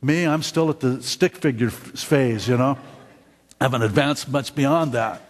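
A middle-aged man preaching a sermon as pastor, halting and repeating words, often asking the congregation questions. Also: mid-range voice, long reverb tail. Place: church sanctuary.

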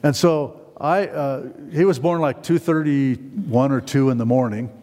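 A man's voice: medium pitch, a little slow, darkish tone. A middle-aged man preaching a sermon in a church hall, rambling with many fillers and restarts and putting questions to the congregation. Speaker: pastor.

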